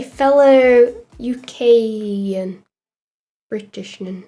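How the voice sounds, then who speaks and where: A woman's voice: a little high, extremely slow, a little mellow, faint music behind. A young woman chatting casually on a livestream while she animates, rambling and giggling, with lots of fillers and self-corrections. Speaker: streamer animator.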